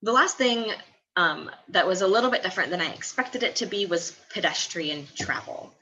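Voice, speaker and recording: A woman's voice: lowish voice, lively intonation, normal speed, pushed and bright, poor audio. A woman in her twenties from the American Midwest, chatting casually in a vlog and laughing often between phrases. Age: 20s. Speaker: study abroad student.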